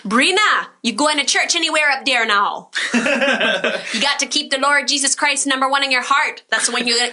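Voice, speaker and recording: A devout older island woman with a Roatan accent, as a woman puts her on. She presses her advice in a sing-song, emphatic lilt. The tone is bright and lifted above an everyday pitch. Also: normal speed. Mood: preachy. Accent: Roatan island English.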